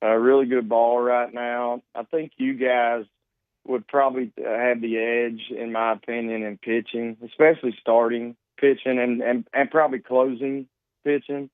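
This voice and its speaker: A man's voice: mid-range voice, flat delivery, moderate pace, clear, resonant tone, dry recording. A man calling in as a guest for a casual interview, talking in a rambling way with many restarts and small chuckles. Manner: rambling, self-correcting, chuckling. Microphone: phone. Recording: tinny phone line.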